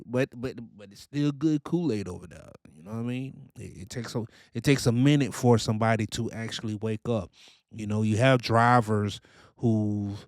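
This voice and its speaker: A man's voice: mid-range voice, smooth, no echo, studio quality. A man hosting a reaction video, giving casual commentary in laid-back slang and tagging his points with questions.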